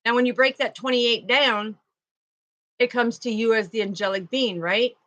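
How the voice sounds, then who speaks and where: A woman giving a live oracle card reading, talking in a slow, meandering, chatty way and addressing her viewers directly. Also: fairly high pitch, fairly even intonation, fairly bright tone, poor audio. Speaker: spiritual card reader.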